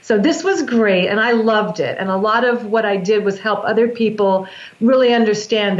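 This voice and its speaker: At a normal speed and mid-range pitch, a woman who practices breath work gives an earnest interview explanation of her craft, frequently restarting what she's saying. Echo and dull, lo-fi audio mark the recording.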